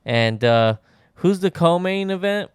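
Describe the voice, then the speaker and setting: Male podcast host, easygoing, loose, very smooth resonant voice. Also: high-pitched, animated, unhurried, dry recording, studio quality. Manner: laid-back, laughing, loose talk. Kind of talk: casual chat.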